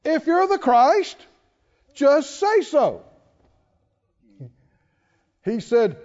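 A man preaching a sermon, emphatic, repeating phrases and building to shouts. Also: very high-pitched, expressive, takes it slowly, pauses often. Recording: long hall reverb, dull lo-fi sound.

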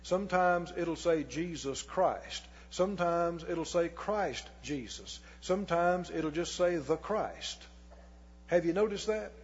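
A man preaching a sermon as pastor, reading scripture slowly and putting questions to the congregation that he answers himself. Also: fairly high pitch, expressive, breathy edge. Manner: reads scripture slowly and deliberately. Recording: long hall reverb, dull lo-fi sound.

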